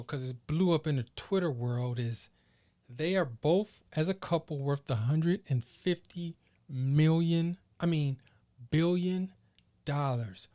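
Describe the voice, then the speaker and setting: A man hosting his own podcast solo, chatting casually in animated, slangy riffs. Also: a little high. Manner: animated, slangy, playful riffing. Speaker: podcast host.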